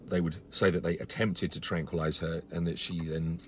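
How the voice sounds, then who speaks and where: A man's voice: low voice, flat delivery, normal speed, slight background noise. A man giving a casual live-stream update to followers, earnest and indignant, with many fillers and restarts. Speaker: campaigner on a live video.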